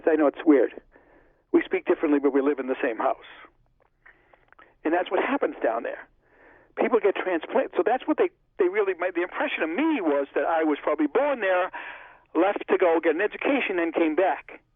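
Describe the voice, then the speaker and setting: Man, interview guest, chatty storyteller, fairly high voice, phone-line sound. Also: no echo. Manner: chatty, retells conversations in dialogue.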